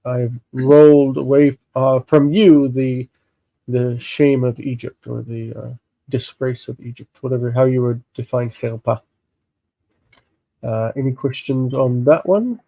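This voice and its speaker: A man with congested sinuses, slowly explaining a Bible text in a live lesson, halting and thinking aloud with many fillers. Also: mid-range voice, steady tone, creaky, warm tone, no echo, dull audio. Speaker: Hebrew teacher.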